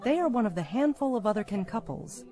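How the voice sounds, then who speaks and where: A woman delivering scripted documentary narration in a measured, expressive way. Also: fairly high pitch, over music.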